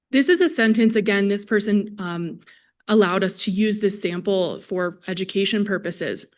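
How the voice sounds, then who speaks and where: Woman giving a friendly lecture. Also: medium pitch. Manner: friendly, conversational, addresses audience directly. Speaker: speech-language pathologist lecturing. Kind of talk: conference lecture to a live audience. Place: lecture hall at a symposium.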